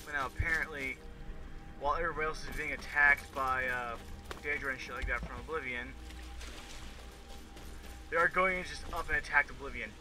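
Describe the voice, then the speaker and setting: A man's voice: mid-range voice, fairly even intonation, fairly quick, long pauses, music in the background, low-quality recording. A man giving casual, profane, rambling commentary while playing a video game. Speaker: let's play gamer.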